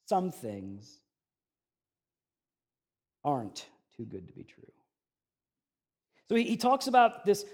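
A man preaching a sermon, his voice swelling loud on key phrases and dropping soft between them. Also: a little high. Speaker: pastor.

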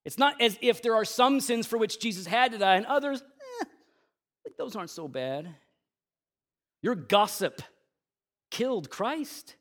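Intense high-voiced male preacher. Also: lively intonation, unhurried, long pauses. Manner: intense, swings between loud emphasis and low hushed lines; casual asides and slang amid preaching. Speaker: pastor. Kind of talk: Good Friday sermon.

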